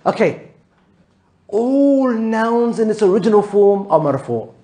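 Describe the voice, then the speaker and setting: High-voiced man teaching an Arabic class. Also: animated, unhurried, warm tone. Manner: patient, drills students with repeated questions; mixes English with Arabic terms. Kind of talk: live classroom lesson.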